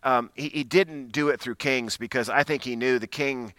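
A man's voice: medium pitch, normal speed, fairly bright tone, no echo. A middle-aged man, a pastor, telling a personal story in a conversational, self-deprecating way during a sermon.

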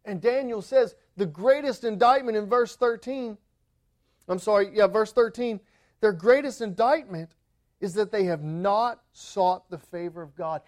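A man with a high voice preaches a sermon with fervent emphasis. He restarts phrases and climbs to impassioned peaks. Middle-aged pastor. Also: a little slow, darkish tone.

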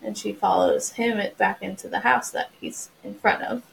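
Chatty woman with a creaky voice. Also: medium pitch, steady tone, moderate pace, fairly bright tone, a little hiss or hum, low-quality recording. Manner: chatty, retells scenes with quoted voices. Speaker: podcast co-host. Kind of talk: casual book chat.

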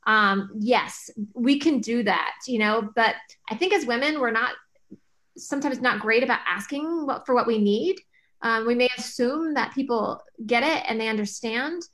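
A woman's voice: a little high, moderate pace, fairly bright tone. A woman guest on a podcast, talking earnestly about her projects with many fillers and restarts. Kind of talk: conversational interview talk.

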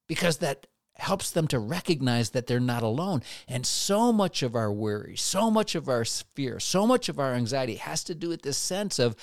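Man, devotional speaker, mid pitch, dry close sound, earnest and measured. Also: lively intonation, no room sound. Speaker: Christian speaker. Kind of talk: devotional teaching to camera.

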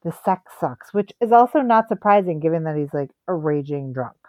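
A woman's voice: low-pitched, expressive, moderate pace, a little mellow, no room sound. A woman co-hosting a podcast in casual chat, thoughtful and opinionated. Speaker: podcast co-host.

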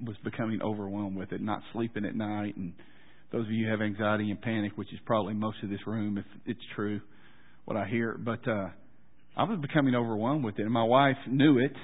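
A male pastor telling a story in a sermon, casual and self-deprecating, with halting restarts. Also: on the low side. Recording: tinny phone-like sound.

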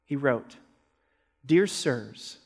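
A male pastor preaching a sermon, emphatic, swinging between forceful peaks and quiet low passages. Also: expressive, very slow, in a large hall.

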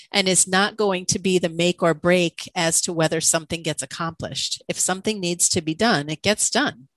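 A woman's voice: medium pitch, a bit bright, dry recording, poor audio. A woman co-hosting a podcast, a coach, talking candidly and questioning herself, with frequent laughter. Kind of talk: reflective conversational podcast talk.

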